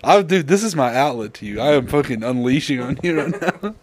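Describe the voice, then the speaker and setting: A man's voice: medium pitch, lively intonation, fairly quick, slight background noise. A young man co-hosting a podcast, bantering in a profane, teasing way and laughing often. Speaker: podcast co-host. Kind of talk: casual banter.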